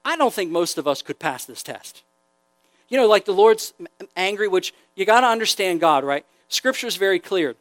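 A man's voice: high voice, normal speed, no room sound. A man preaching a casual, joking sermon to a youth group, reading scripture aloud between asides. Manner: conversational, joking, animated preaching.

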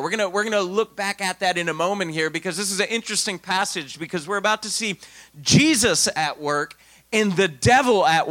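A bright, high-voiced preaching man. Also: no echo. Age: adult, married. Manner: conversational preaching with sudden loud emphatic bursts. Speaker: pastor. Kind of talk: sermon.

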